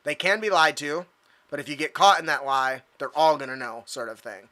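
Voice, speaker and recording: A man narrating as game master of a tabletop game, casual and halting, with many pauses and fillers. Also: on the high side, sharp tone.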